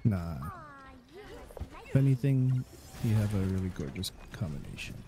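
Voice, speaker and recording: A woman's voice: very deep voice, expressive, moderate pace. A woman co-playing a game on a stream, laid-back and teasing in casual chat. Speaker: co-player and guest on the stream.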